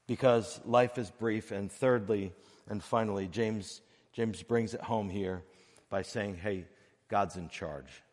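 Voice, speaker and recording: A man preaching a sermon as pastor of a church, earnest and measured, breaking his phrases with pauses and swinging between soft and loud. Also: lowish voice, fairly even intonation, big-room sound. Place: church sanctuary.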